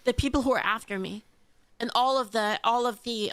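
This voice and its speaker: A woman's voice: medium pitch, normal speed, creaky, fairly bright tone, faint music behind. A woman streamer rambling emotionally and swearing often during a casual livestream.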